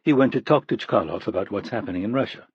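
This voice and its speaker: A man voicing a calm woman CIA director. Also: lowish voice, slightly rough, dry recording, highs cut off. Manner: calm, measured.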